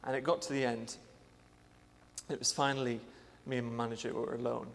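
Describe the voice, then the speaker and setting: A young man, a church intern, telling a personal testimony earnestly, with many pauses and fillers. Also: mid-range voice, flat delivery, vocal fry, long reverb tail, a little hiss or hum.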